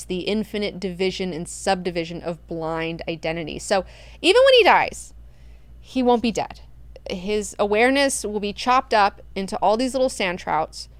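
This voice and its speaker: A woman's voice: lowish voice, smooth, dry recording. A woman hosting a book club, retelling the story in a casual, crude, slangy way with lots of filler words.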